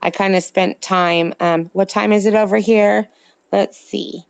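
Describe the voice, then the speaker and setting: A woman's voice: mid-range voice, steady tone, a little slow, gravelly, clean tone, no echo. A woman with a slight New Jersey accent, co-hosting a casual late-night live chat and rambling to viewers in the chat. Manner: chatty, rambling, answers viewer comments. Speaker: livestream co-host. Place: home in California at night.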